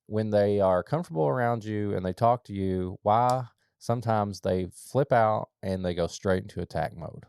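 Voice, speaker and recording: A man co-hosting a podcast in casual chat, rambling with lots of fillers and sudden animated bursts. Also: on the low side, normal speed, no room sound, studio quality. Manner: rambling, filler-heavy, jumps to animated outbursts. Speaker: podcast co-host.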